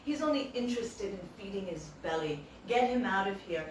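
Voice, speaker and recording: A woman's voice: medium pitch, expressive, a little fast, a little hiss or hum, pitched below the performer's own voice, close to an everyday voice. A woman voicing a commanding divine queen. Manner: stern, imperious orders. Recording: echoey hall, distant mic.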